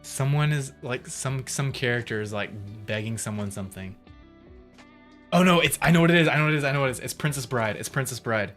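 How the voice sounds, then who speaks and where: A man's voice: medium pitch, fairly quick, a bit bright. Brief: man in his thirties, casual stream chat, rambling and chatty, mid voice, faint music underneath. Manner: rambling, laughs often, reads chat aloud. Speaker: livestreamer.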